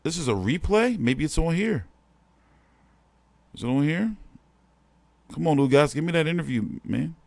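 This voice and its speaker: A man's voice: a little high, lively intonation, normal speed, vocal fry, pauses often, dry recording. A man hosting a boxing show, talking in a rambling, profane, slangy way while he complains during a casual live stream. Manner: slangy street talk.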